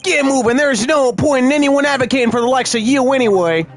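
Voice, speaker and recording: A man's voice: extremely high pitch, a little fast, faint music behind, voice pushed up. A man voicing a stern, pompous older male official who speaks formally. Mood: scolding.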